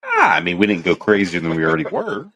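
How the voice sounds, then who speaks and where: A man's voice: sits low, huge pitch swings, fast, a bit bright, no room sound. A man co-hosting a podcast in casual chat, making dry, wry quips. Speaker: podcast co-host.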